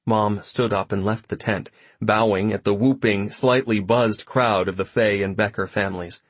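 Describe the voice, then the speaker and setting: A man narrating a first-person story audiobook in a reflective, even manner. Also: fairly low pitch, normal speed, few pauses, husky, no room sound.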